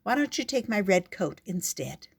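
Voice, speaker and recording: A woman voicing a quick-witted little boy who bargains cheerfully. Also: mid-range voice, big pitch swings, vocal fry, husky, full character voice. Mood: coaxing.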